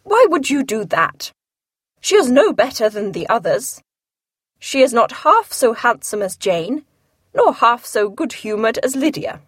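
A woman reading aloud and putting on the voice of an excitable, fretful middle-aged mother, high and emphatic. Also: unhurried, breathy edge, dry recording, clean studio sound, full character voice. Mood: excited.

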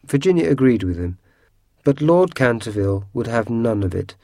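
A man narrating a storybook audiobook in a measured, unhurried way. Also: mid-range voice, big pitch swings, a little mellow, dry recording, studio quality.

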